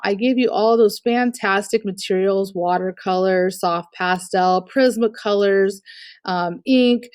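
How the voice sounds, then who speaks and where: A woman's voice: mid-range voice, darkish tone. A woman art teacher running a live online class, going through student work with encouraging but frank critique. Her voice sits in a middle register and comes through a computer mic with a dry, close sound and no room echo. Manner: encouraging, gives direct critique with fillers.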